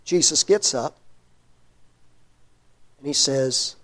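A middle-aged man preaching a sermon, telling Bible stories with lively acted-out shouts and hushed endings. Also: on the high side, slow pace, long pauses. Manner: animated storyteller, acts out disciples' shouts, drops to hushed tones.

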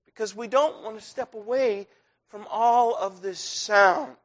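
High-voiced male preacher, conversational. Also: unhurried. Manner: conversational, rising to intense. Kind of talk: sermon.

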